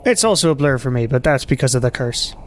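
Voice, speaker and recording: A man narrating as game master of a tabletop game, halting with many fillers. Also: medium pitch, expressive, a little hiss or hum.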